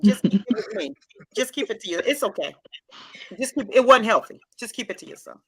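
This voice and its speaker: High, lively American woman hosting. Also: fairly quick, vocal fry, slightly rough. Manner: animated, exclamatory, stumbling restarts. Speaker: host. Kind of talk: casual group chat show.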